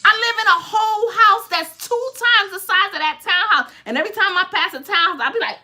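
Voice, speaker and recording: High, bright-voiced woman in her fifties. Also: expressive, fairly quick, hardly any pauses. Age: 50s. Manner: emphatic, keeps asking if you follow. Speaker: tarot reader host. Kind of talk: casual advice talk.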